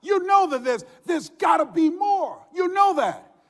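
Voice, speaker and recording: An older man giving a motivational speech, telling stories with shouts and laughter. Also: very high-pitched, unhurried. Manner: animated storytelling with shouts and laughs. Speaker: motivational speaker. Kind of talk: motivational speech to a live audience. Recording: hall reverb.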